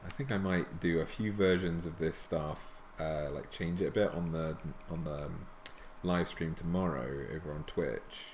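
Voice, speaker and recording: A man hosting a live stream talks casually as he works on a drawing, thinking aloud. His voice sits very low, with a gravelly, fry-laden edge. A faint hiss sits beneath it. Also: normal speed, hardly any pauses, darkish tone. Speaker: stream host and illustrator.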